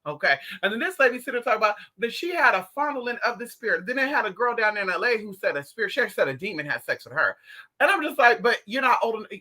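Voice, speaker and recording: Livestream host, animated and profane, storytelling casually to viewers. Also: medium pitch, fast talker. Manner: talks straight to viewers.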